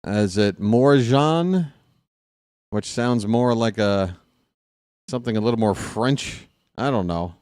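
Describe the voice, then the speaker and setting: A man calling a baseball game on his own stream, chatting casually between pitches and cracking small jokes. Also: unhurried, a little mellow, clear, resonant tone, dry recording, clean studio sound. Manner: casual, self-deprecating, jokey between pitches. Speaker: fan play-by-play broadcaster. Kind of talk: solo baseball play-by-play with chatty asides.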